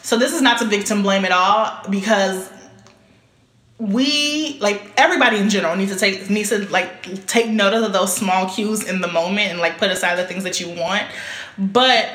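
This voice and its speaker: A woman co-host chimes in casually and then works through her point thoughtfully. Her voice sits at a middle pitch in a roomy, echoey space. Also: normal speed, a bit bright. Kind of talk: casual chat. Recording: echoey room.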